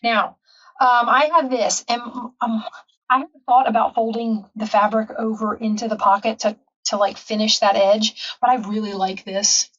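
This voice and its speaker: A woman's voice: a little high, little pitch movement, normal speed, a bit bright, recorded from a distance, muffled recording. A woman hosting a casual craft tutorial, chatting and rambling with frequent ums in her home craft room. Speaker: craft channel host.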